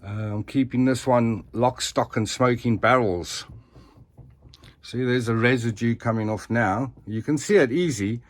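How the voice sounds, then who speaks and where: A man's voice: medium pitch, unhurried. A man talking through his collectible figures in a casual, rambling show-and-tell vlog, often ending lines with "eh?". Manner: rambling and chatty, with tag questions like "eh?".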